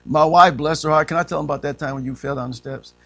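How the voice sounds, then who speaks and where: A man's voice: a little high, fairly even intonation, fast, creaky, sharp tone. A man teaching a church Bible class, quizzing the group and saying amen after nearly every point, with frequent chuckles. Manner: says amen constantly, asks the class questions; chuckles often.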